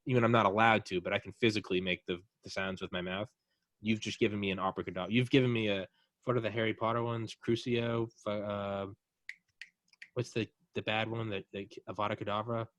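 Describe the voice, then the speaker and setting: A man hosting a casual podcast, blunt and profane, arguing his point with animated swings in emphasis. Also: fairly low pitch, brisk, no echo. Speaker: podcast host.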